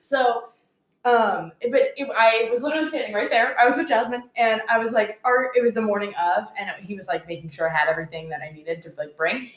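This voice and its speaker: A young woman telling a story in casual chat, animated and laughing often, with lots of "like"s. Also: on the high side, a little fast. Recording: very echoey room.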